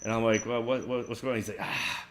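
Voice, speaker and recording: A man co-hosting a casual chat, telling an animated story and acting out the quotes loudly. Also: medium pitch, fast talker, a crowd in the background. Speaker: co-host.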